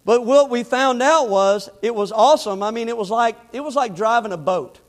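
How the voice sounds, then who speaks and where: Speaking at a moderate pace in a very high-pitched voice, a middle-aged pastor shares a personal story casually before rising to forceful, repetitive preaching. The church sanctuary gives the recording a long hall reverb.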